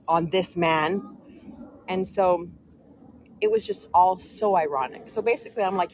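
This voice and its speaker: A woman tells her story in a casual, rambling way, sounding aggrieved throughout. Her voice is on the low side, and faint noise sits under the recording. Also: moderate pace, pauses often. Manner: aggrieved, rambling, quotes others in her own voice. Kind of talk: casual storytelling to a live audience.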